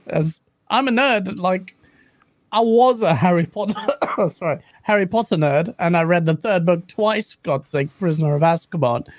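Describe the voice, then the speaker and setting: A man co-hosting a casual chat show, relaxed and chatty, laughing as he tells stories. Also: high voice, moderate pace, no room sound. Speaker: podcast co-host.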